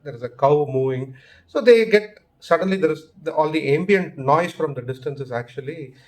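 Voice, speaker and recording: Male host and storyteller: easygoing, unhurried delivery, fillers and restarts. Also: on the high side. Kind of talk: casual oral storytelling.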